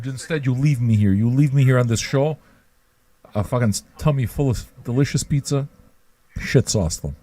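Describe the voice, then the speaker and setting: A man's voice: medium pitch, a little mellow. Rambling, profane male show host. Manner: rambling, mocking, profane, repeats himself. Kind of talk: profane ranting livestream monologue.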